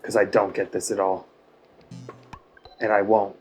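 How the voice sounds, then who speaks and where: A man's voice: fairly low pitch, level tone, measured pace, faint music behind. A man hosting a video game let's play, giving casual, rambling commentary with self-mocking, exasperated grumbling.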